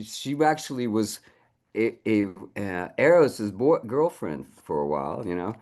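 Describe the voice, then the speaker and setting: A poet speaks in a rambling, playful way, and his pitch moves a lot. When he recites, he slows down and gets dramatic. He is heard through a video call. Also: expressive, darkish tone. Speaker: poet reading his work. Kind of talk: casual chat and poetry reading.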